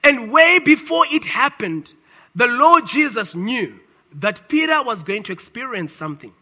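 A man preaching a sermon, emphatic and swinging between loud declarations and quiet asides. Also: very high voice, sing-song, unhurried.

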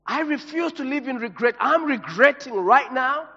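A man's voice: very high-pitched, lively intonation, normal speed, bright, forceful tone, husky. A pastor preaching an emotional, passionate sermon to his congregation. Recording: reverberant hall, dull lo-fi sound.

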